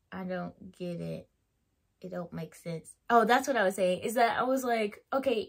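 Chatty, animated woman vlogger, higher voice. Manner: chatty and animated, laughs often, filler-heavy. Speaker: YouTuber reviewing a TV show. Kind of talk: casual opinion vlog.

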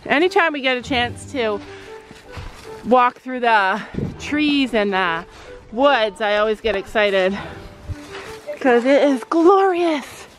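A woman's voice: a little high, slow, fairly bright tone, soft background music, low-quality recording. A woman chatting upbeat to camera in a casual vlog while walking outdoors on a farm, laughing often. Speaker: vlogger, mother. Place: outdoors on a farm, walking through woods and fields.

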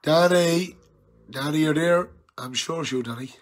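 A tipsy man with an Irish accent on a live stream, loudly teasing and challenging an old friend in rowdy banter. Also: fairly high pitch, normal speed. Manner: loud, jokey, challenging and teasing. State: tipsy from drinking.

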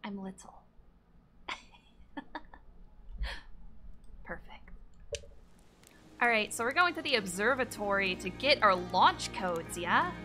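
A woman's voice: medium pitch, sing-song, slow, long pauses, sharp tone, soft background music. A woman streaming a game, chatting casually with her viewers in a scattered, swearing way. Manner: scattered, swears, talks to chat. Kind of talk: casual gaming livestream chat.

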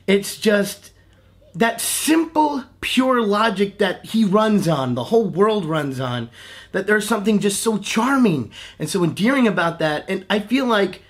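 A young man in his twenties with a high voice chats to camera as a voice actor hosting his own channel. He gushes excitedly, laughing and tripping over his words as he talks. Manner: gushing, excitable, breaks into laughs and restarts. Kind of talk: casual reaction vlog to camera.

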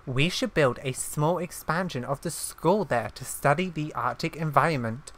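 A woman's voice: sits low, normal speed, lightly acted. A woman reading aloud a wise male headmaster's lines from a game, in her own plain voice. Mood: calm.

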